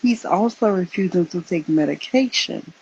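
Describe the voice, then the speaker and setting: A woman co-hosting a casual live-stream commentary, talking loudly and chatting straight to her viewers. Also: lowish voice, animated, moderate pace, lo-fi sound, slight background noise. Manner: loud, chatty, addresses viewers as y'all.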